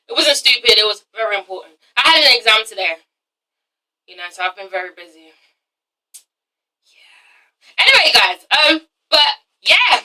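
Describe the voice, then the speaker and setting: A woman's voice: medium pitch, pushed and bright, distant mic, rough recording. A young woman hosting a casual TV review vlog, rambling and blunt, with a habit of ending lines with a questioning "okay?". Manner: rambling, keeps tagging sentences with a questioning "okay?". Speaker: TV review vlogger.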